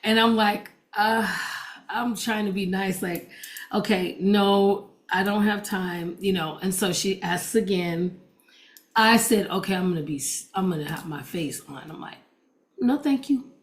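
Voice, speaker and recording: A woman's voice: medium pitch, steady tone, measured pace. A woman preacher and gospel DJ telling a personal testimony to an audience, chatty, acting out the dialogue. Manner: chatty storytelling that acts out quoted dialogue.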